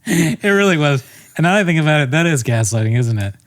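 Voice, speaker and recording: A man's voice: on the high side, lively intonation, fast talker, no room sound, studio quality. A young man on a casual comedy podcast, rambling through a story, swearing often and laughing at himself. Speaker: podcast co-host.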